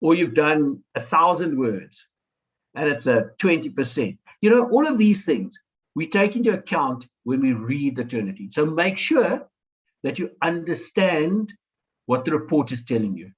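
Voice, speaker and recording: A man's voice: on the high side, big pitch swings, measured pace, low-quality recording. A man in his sixties giving an orientation talk to new students in a webinar, emphatic and repeating key advice. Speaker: lecturer. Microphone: webinar computer mic.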